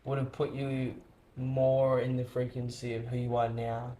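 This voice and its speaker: Mellow interviewer guy, pretty flat delivery, echoey room, sounds off mic. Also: mid-range voice, unhurried, a little hiss or hum. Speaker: podcast host. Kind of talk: interview questions.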